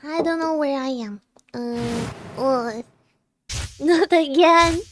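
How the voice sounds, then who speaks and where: A woman's voice: sits high, slow, slight background noise. A woman streaming a game and chatting casually, giggling often as she greets viewers one by one. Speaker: VTuber streamer. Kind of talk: casual livestream chat.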